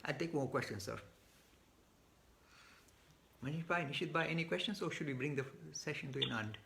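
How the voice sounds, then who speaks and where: Fast-talking emphatic man. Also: fairly high pitch, gravelly, pushed and bright, a little hiss or hum. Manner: emphatic, frequent restarts and repeated words; gets worked up. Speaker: speaker answering audience questions. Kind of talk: live online Q&A talk.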